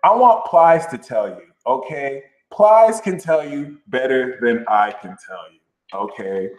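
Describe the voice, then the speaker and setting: A man hosting a casual astrology livestream, talking loosely and playfully. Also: measured pace. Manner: animated, jumps into high sassy mock voices. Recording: roomy echo.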